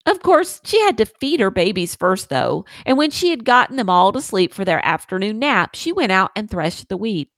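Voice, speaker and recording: A woman reads a children's story aloud with a lively, sing-song delivery, her pitch rising and falling all through each line. Her voice sits in a middle range. The sound is close and dry, with no room around it. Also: normal speed, few pauses, dry recording. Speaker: podcast host reading a story.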